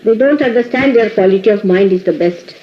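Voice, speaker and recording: In a dull, lo-fi 1980s tape recording, a woman spiritual teacher addresses her followers in an indoor ashram hall. Her mid-range voice moves fairly quickly as she scolds them playfully and laughs often.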